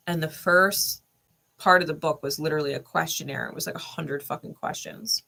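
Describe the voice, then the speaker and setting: Woman, 30s, lowish pitch, bright edge; blunt, emphatic personal storyteller who swears freely. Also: level tone, normal speed, gravelly. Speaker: spiritual channel host.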